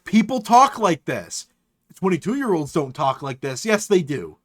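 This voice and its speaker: A streamer giving live reaction commentary, swearing casually and breaking into exasperated, high-pitched rants. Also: sing-song, measured pace, dry recording, clean studio sound.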